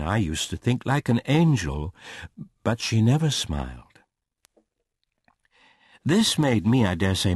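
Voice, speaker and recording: Man narrating with lively inflection. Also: fairly low pitch, breathy edge, no echo, studio quality. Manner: measured, expressive storytelling. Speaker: audiobook narrator. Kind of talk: dramatic audiobook reading of a classic novel.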